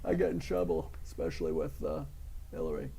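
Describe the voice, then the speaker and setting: A man's voice: rumbling low, big pitch swings, brisk, gravelly, warm tone, slightly rough, voice pushed down, heavily acted. A man doing a brash bragging politician.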